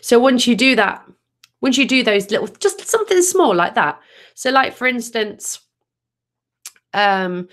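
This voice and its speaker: A woman's voice: sits high, expressive, normal speed, a bit bright. A woman tarot reader hosting a casual live stream, upbeat and chatty, restarting sentences as she answers viewer comments.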